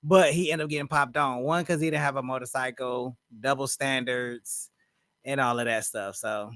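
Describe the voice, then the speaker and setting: A man's voice: mid-range voice, fairly even intonation, moderate pace, fairly bright tone, dry recording. A man giving casual reaction commentary on a dating show, with incredulous, wry asides that trail off.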